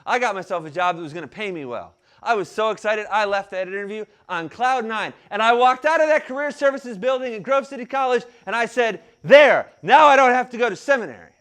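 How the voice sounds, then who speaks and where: A man in his thirties giving a sermon, telling his story with acted-out quotes and a mild stutter he controls with deep breaths. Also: brisk, few pauses, clean tone. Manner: animated storytelling, acts out quotes. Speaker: pastor. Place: room with an audience.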